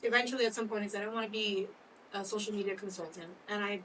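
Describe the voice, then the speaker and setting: A woman's voice: medium pitch, fairly even intonation, fast, fairly bright tone, recorded from a distance, a little hiss or hum, low-quality recording. A woman co-hosting a talk show, chatting candidly and laughing often. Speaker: co-host. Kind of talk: casual chat.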